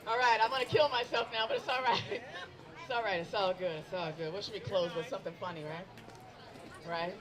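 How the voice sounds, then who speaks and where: With long pauses, a steady tone and a moderate pace, a middle-aged comedian delivers a stand-up set outdoors. Her medium-pitched voice carries self-deprecating jokes and banter with the crowd of onlookers around her.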